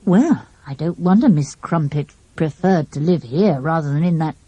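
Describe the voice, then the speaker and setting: A woman's voice: deep voice, moderate pace, dark tone, slightly rough, no echo, voice pushed down. A woman voicing a confident, slightly boastful schoolboy detective in an audiobook, speaking in a self-assured way. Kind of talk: audiobook character voice.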